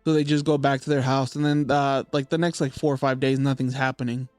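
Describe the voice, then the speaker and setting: A young man loosely retells a creepy story on a podcast, piling on fillers and casual swearing. His voice is smooth and clear, recorded close and dry with faint music underneath. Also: mid-range voice, little pitch movement, fast, a little mellow, no echo. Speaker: podcast host.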